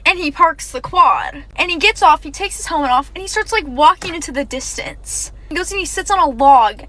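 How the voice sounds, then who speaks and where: A woman's voice: high voice, animated, a little fast, sharp tone. A young woman telling a dramatic personal story in a chatty, emphatic way. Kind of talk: casual storytime.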